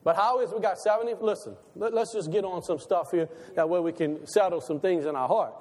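Male pastor, very high voice, animated sermon delivery with a long hall reverb. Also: brisk. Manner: animated preaching, rhetorical questions, laughs between lines.

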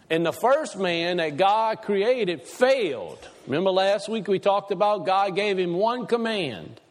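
A man preaching a sermon to a congregation, asking them questions, with folksy Southern turns of phrase. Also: high voice. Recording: long hall reverb.

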